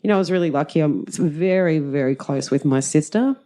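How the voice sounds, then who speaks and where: A middle-aged woman, a guest telling stories in casual chat, animated and laughing often as she acts out what people said. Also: low voice, brisk. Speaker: guest, drama teacher.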